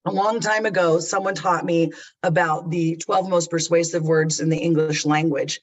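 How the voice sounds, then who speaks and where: A man's voice: fairly high pitch, fairly even intonation, normal speed, poor audio. A middle-aged man giving a customer service training webinar in a chatty, candid, conversational way over a computer mic. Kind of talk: webinar presentation.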